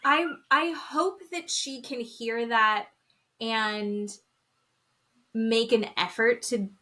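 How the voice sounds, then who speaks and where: A woman's voice: fairly high pitch, extremely slow, background noise. A woman co-hosting a podcast, chatting casually and acting out quotes with big swings in her voice. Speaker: podcast co-host. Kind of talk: casual chat recapping reality TV.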